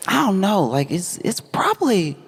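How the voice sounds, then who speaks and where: A man's voice: sits high, sing-song, normal speed, gravelly, a little hiss or hum, voice pushed up, exaggerated voice. A man voicing a young wife who rambles hesitantly, full of "like" and "I don't know.". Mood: wavering. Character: unsure young woman, wife drifting from her husband.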